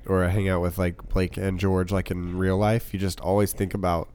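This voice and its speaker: A man's voice: sits low, level tone, moderate pace, a little mellow, smooth. A young man co-hosting a podcast, rambling in casual chat full of "like" and laughter. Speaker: podcast co-host.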